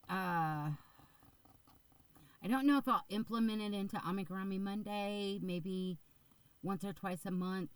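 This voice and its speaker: A middle-aged woman chats slowly to camera, pausing often and filling gaps with ums as she weighs her options aloud. Her voice sits a little low for a woman, and the recording is close and dry with no room sound. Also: dry recording, rough recording. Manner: rambling, filler-heavy, chatty and unsure. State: getting the hiccups. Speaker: crochet vlogger. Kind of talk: casual chat to camera.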